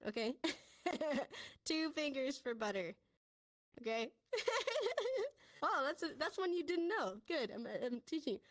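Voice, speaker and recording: Woman, sign language teacher, fairly high voice, dry close sound, upbeat and chatty, laughs a lot. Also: big pitch swings, slow pace, long pauses, no echo. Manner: upbeat, chatty, laughs often, walks learners through hand motions. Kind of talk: casual classroom instruction. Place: virtual reality classroom.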